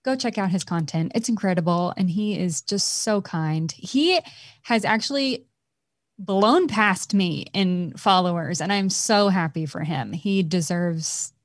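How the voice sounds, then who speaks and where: A woman's voice: lowish voice, expressive, unhurried, dry recording. Chatty woman podcast co-host, dry sound. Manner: chatty, warm praise, laughs easily. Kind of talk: casual chat.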